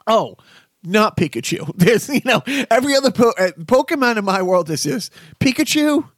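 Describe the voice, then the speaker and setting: High-voiced man in his fifties, rambling. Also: lively intonation, brisk, no echo, clean studio sound. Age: 50s. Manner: rambling storyteller, laughs often. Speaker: podcast host. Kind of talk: casual chat.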